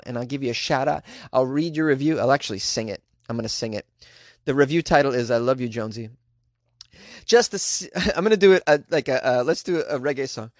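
A man's voice: on the high side, no echo, studio quality. A man hosting a comedy news podcast, joking his way through stories and chuckling between lines. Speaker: podcast host.

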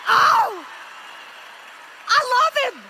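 A woman telling a personal faith story, animated and emphatic, recorded in a large hall. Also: very high-pitched, very slow, raised voice. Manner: animated, emphatic, building excitement. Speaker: speaker. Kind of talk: testimony storytelling. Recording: clip in a reverberant hall.

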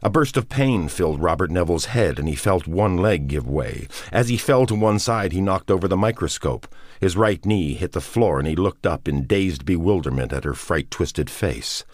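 A man narrating a novel as a scripted audiobook reading, in a measured, unhurried manner. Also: deep voice, lively intonation, no room sound.

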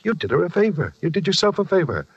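A man's voice: sits high, sing-song, quick pace, breathy edge, no echo, heavily acted. An actor playing a boastful, self-justifying former railroad brakeman who is a psychiatrist's patient, in a 1940s radio drama. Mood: defiant. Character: shifty middle-aged man, a former railroad brakeman. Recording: dull old radio recording.

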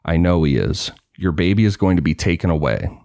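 A man reading out the lines of a calm, cold-hearted male kidnapper in a dispassionate, menacing way. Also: sits low, a little fast, vocal fry, dry recording, studio quality.

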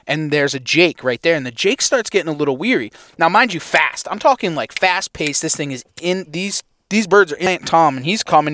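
A man's voice: a little high, fairly quick, hardly any pauses, dry recording. A young man hosting a podcast, telling a hunting story in casual chat with lots of swearing and acted-out reactions. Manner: animated storyteller, swears a lot, acts out his own reactions. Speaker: podcast co-host. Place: inside a parked truck.

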